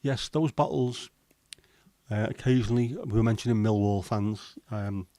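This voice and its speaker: A middle-aged man, hosting a relaxed livestream and chatting with viewers in a jokey, rambling way. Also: on the low side, normal speed, no room sound. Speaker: livestream host. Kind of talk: casual chat reading viewer comments.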